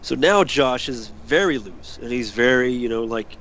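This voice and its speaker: A man spins a rowdy story on a casual podcast, swearing freely and jumping into the voices of the people in it. His voice sits at an ordinary pitch, and the recording sounds dull and lo-fi with a faint hiss underneath. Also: moderate pace. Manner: animated storyteller, swears, acts out quotes. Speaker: podcast co-host.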